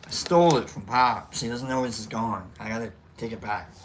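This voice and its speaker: A man's voice: medium pitch, brisk, a little hiss or hum. A man hosting a casual livestream, rambling and joking with lots of fillers and restarts as he reads out names to say goodbye. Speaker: livestream host. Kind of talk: casual livestream sign-off reading chat names. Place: indoor room.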